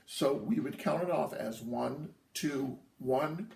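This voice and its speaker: Male drum instructor, patient and methodical, counts aloud; gravelly tone, recorded distant in an echoey room. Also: a little high, slow pace, darkish tone. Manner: patient, counts rhythms aloud, checks in with "okay?". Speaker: drum teacher. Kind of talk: instructional lesson.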